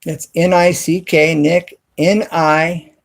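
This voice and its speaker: A man hosting a casual live stream from his cell phone, talking to viewers in the chat and spelling words out slowly and deliberately. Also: a little high, level tone, creaky. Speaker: YouTube channel host live streaming.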